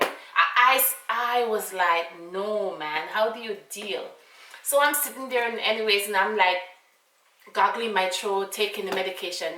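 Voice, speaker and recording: A Jamaican woman tells a casual storytime, animated and full of asides. Her tone is bright and clear. The room is echoey and she sits a little away from the mic. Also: lowish voice, recorded from a distance. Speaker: vlogger.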